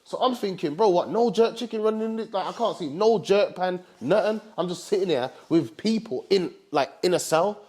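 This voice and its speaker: A young man from England telling a story in a casual, animated way, full of slang like bro and fam. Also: high voice, normal speed, hardly any pauses, breathy edge.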